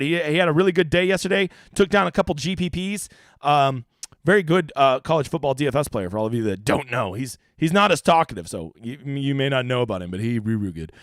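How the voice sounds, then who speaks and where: A man's voice: fairly high pitch, no room sound, clean studio sound. A man hosting a casual livestream, answering chat with profane jokes and lots of rambling fillers.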